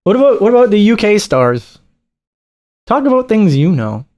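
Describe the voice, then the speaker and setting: A man's voice: high-pitched, very animated, normal speed, a little mellow. A man doing profane, mocking reaction commentary over a video. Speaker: reaction streamer.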